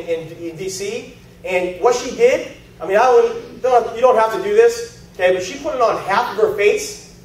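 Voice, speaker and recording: A man's voice: sits high, a little mellow. A man giving a chatty sales presentation to a live group, telling stories and quizzing the audience. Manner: chatty storyteller, asks audience questions. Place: meeting room with an audience. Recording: echoey room, heard from far off.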